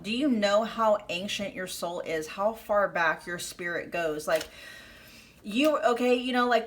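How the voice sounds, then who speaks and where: A woman reads tarot cards for her viewers, gushing and emphatic. Her voice sits at an ordinary pitch, and a faint hiss runs under the recording. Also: a bit bright. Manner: effusive, emphatic, with frequent fillers and laughter. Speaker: tarot reader. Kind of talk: pick-a-card tarot reading.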